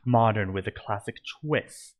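A man voicing a vengeful male villain who rules spirits, speaking in a low growl. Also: unhurried, lightly acted. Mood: menacing. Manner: growling, menacing.

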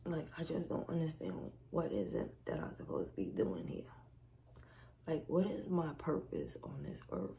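A stressed, exhausted woman venting to her vlog viewers in a weary, halting way. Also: low voice, big pitch swings, vocal fry, dark tone, a little hiss or hum. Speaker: vlogger.

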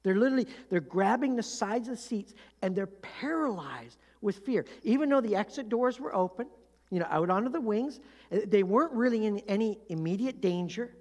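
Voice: mid-range voice, lively intonation, fairly quick, darkish tone. Pastor preaching in a reverberant hall. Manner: conversational, storytelling, asks the audience questions. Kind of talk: sermon. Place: church sanctuary.

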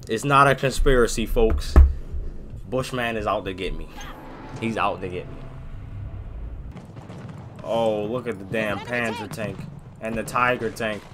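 A man hosting a gaming video, giving excited, slangy commentary while he plays, often yelping or shouting. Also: fairly low pitch, measured pace, long pauses, music in the background. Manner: jokey, yelps and shouts at sudden moments, slangy. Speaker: gaming channel host. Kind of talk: excited live gameplay commentary. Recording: gunfire and game noise clearly behind.

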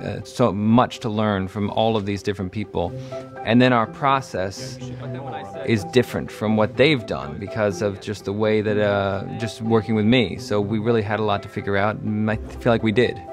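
A film director speaking in an interview, soft-spoken and hesitant with fillers. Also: male voice, lowish voice.

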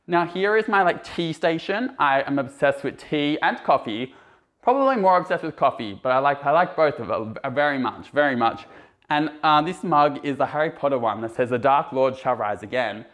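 A man's voice: on the high side, expressive, normal speed, a bit bright. A chatty, bubbly young man giving a casual tour of his small apartment, recorded on a handheld camera. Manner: chatty and bubbly, lots of fillers. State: a bit out of breath. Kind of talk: casual vlog chat.

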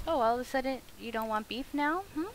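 A woman streaming a video game live, swearing a lot and talking to the enemies on screen, going from loud outbursts to quiet mutters. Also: high voice, fast talker, a little hiss or hum, low-quality recording. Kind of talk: live gameplay commentary.

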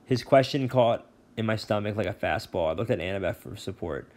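Briskly and in a lowish voice, a man who teaches reads a chapter of a novel aloud. He stays relaxed, dropping in short asides and correcting himself.

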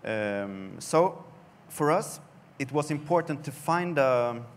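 A man from Sweden, a creative director giving a conference presentation in a deliberate way, his phrases dropping at the ends. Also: mid-range voice, slight background noise. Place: conference hall.

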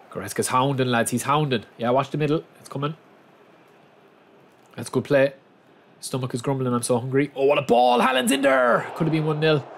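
A man's voice: medium pitch, a little hiss or hum. A young man giving casual, chatty commentary on a football video game, often calling his viewers lads. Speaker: gaming channel host.

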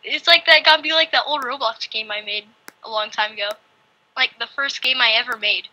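A bright, high-pitched female voice chats casually as co-host during a building session. She hums nonsense tunes and rambles onto side topics. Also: a little fast, low-quality recording. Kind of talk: casual chat while coding a game.

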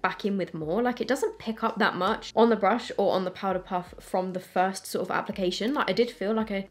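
A young woman, chatting candidly to camera while reviewing makeup at home, with lots of "like" fillers. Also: fairly high pitch. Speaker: beauty vlogger. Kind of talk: casual makeup review chat.

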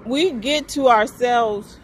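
A woman with a high, bright-pitched voice drifts through an unscripted spiritual monologue, taking her time between phrases. She circles back on her own words and swears casually as she goes. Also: slow pace, a little hiss or hum. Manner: meandering, repetitive, swears freely. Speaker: vlogger.

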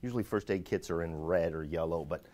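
A man's voice: sits low, brisk, dry recording. Upbeat joking man hosting a walkaround tour. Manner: upbeat, joking, loud and lively. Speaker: host of a company video show. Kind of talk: casual walking tour vlog. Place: outdoors by a building, then indoors in a lobby and shop.

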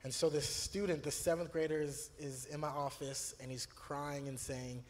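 A man's voice: a little high, fairly even intonation, moderate pace, few pauses, in a large hall, a little hiss or hum. A man, a youth pastor, talking earnestly and telling stories with many fillers and restarts. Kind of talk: church video conversation.

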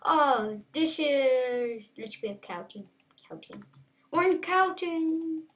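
Woman, high voice, unhurried, playful game commentary, excitable, taunting. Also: far from the mic. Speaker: gameplay commentator.

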